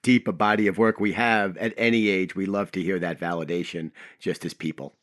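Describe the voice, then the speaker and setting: A man's voice: sits low, steady tone, fairly quick, a bit bright, no room sound, clean studio sound. A man hosting an interview, talking in a reflective, conversational way. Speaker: interview host. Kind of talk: casual interview talk.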